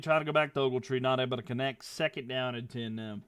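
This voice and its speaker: A young man giving casual play-by-play commentary on a livestream, getting louder on big plays and dropping low when he talks to viewers. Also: steady tone, clean tone. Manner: rises and quickens on big plays, drops low chatting with viewers.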